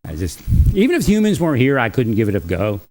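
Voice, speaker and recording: A man's voice: medium pitch, wildly swooping pitch, fast, mellow. A man talking alone on his livestream, rambling and chuckling often between thoughts. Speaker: livestream host. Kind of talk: rambling solo livestream talk.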